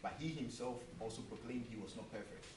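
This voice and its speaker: A man's voice: mid-range voice, fast, reverberant. Guy preaching a sermon, earnest, lots of rhetorical questions, sounds far from the mic w/ faint hum. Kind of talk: sermon with a told joke.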